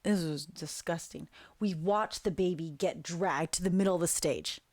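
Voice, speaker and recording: A woman recounting a frightening dream in a slow, hushed, deliberate way with long pauses. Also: on the low side, no echo. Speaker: guest storyteller. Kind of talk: dramatic personal storytelling.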